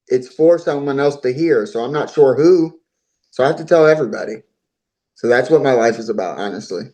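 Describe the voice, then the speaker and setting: A man as an interview guest, telling his own story in a voice of average pitch. He talks on earnestly and at length, and he often repeats and restarts his words. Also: darkish tone, rough recording. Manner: earnest, talkative, repeats himself.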